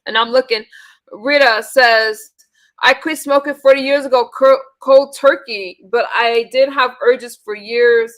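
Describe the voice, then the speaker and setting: A woman's voice: fairly high pitch, fairly even intonation, unhurried, a bit bright. A woman hosting a live online panel, bluntly and profanely scolding her viewers. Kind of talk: live-stream chat, ranting to viewers.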